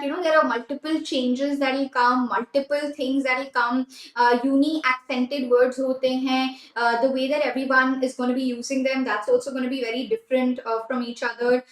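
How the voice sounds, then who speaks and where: A woman with an Indian English accent leads a live online class in a high, bright voice. She switches freely between Hindi and English, repeats her key phrases and cheers students on by name. The room gives her voice a roomy echo. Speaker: exam prep teacher.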